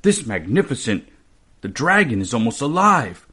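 A man's voice: mid-range voice, sing-song, normal speed, sharp tone, husky, full character voice. A man voicing a young male apprentice in a read-aloud storybook, respectful and eager.

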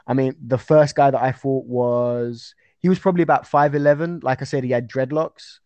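A man's voice: mid-range voice, steady tone, moderate pace, a little mellow, dry recording. A young man talking casually as an interview guest about his fights, rambling with fillers and restarts.

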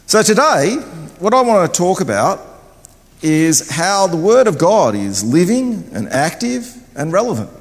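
An older man preaching a sermon in a church, loud and chatty, wandering about as he talks. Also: sits high, big pitch swings, measured pace. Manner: loud, chatty, wanders around while talking. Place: church hall. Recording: long hall reverb.

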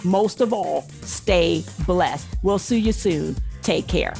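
A woman's voice: lowish voice, slow, vocal fry, darkish tone, faint music behind. A woman hosting a talk show, upbeat and playful as she plugs the show and introduces her co-hosts. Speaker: host. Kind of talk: talk show host chat.

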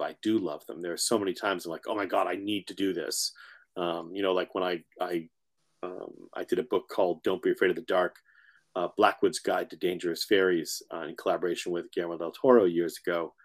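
A man as an author guest in a casual interview, telling stories in a relaxed way. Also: low-pitched. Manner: relaxed, storytelling.

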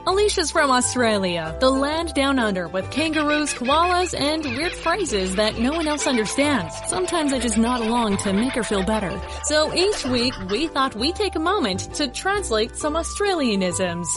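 A woman's voice: high-pitched, big pitch swings, moderate pace, hardly any pauses. A woman reading a teasing, upbeat intro to a podcast segment. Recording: music bed underneath. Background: music.

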